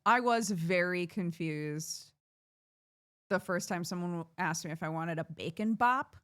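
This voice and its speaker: A woman's voice: on the low side, unhurried, fairly bright tone. An American woman streamer chatting casually with viewers, laughing often as she talks. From United States.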